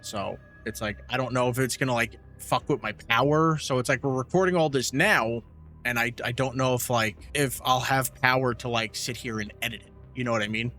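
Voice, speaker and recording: A male podcast co-host tells a story in casual conversation, swearing freely and acting out quotes with animated energy. His mid-range voice moves briskly over soft background music.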